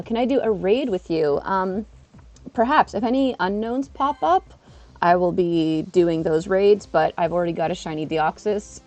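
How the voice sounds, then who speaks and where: A woman live streaming in casual chat, chatty and excitable, eating while she talks. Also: lowish voice.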